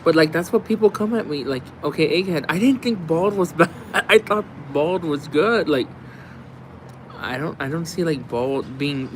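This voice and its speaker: A man with a voice on the high side hosts a livestream, with slight background noise. Reading viewer comments, he chats casually and rambles, laughing and cursing a lot in his replies.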